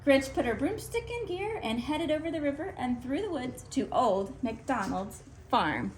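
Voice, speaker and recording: High, lively woman reading a picture book. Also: normal speed, slight background noise. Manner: expressive, playful narration. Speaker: storybook reader. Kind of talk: children's picture-book read-aloud.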